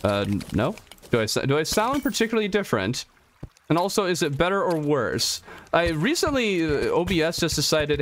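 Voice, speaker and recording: A young male streamer talks through his gameplay in a casual, chatty way, answering chat as he goes. His pitch swings around a lot, bouncing up when something surprises him. Faint game music plays underneath his desktop mic. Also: sing-song, moderate pace. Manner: chatty, reads chat aloud, easily startled. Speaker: gaming streamer.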